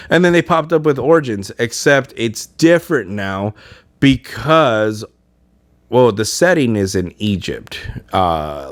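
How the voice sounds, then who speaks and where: Man, podcast host, casual rambling chat, low pitch, dry sound. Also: no room sound. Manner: rambling, many fillers and restarts.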